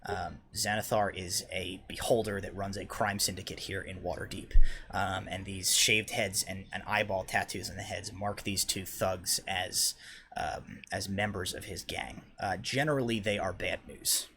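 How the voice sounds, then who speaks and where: A man's voice: low voice, steady tone, moderate pace, sharp tone, a little hiss or hum. A man narrating as game master in a live tabletop game, with frequent ums and uhs. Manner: hesitant, many ums and uhs.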